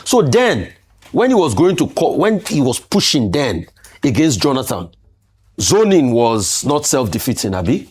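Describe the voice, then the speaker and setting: A man's voice: medium pitch, big pitch swings, unhurried, darkish tone, slightly rough. A man with a Nigerian accent, arguing emphatically as a political commentator on a studio talk show. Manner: emphatic, argumentative, rhetorical questions.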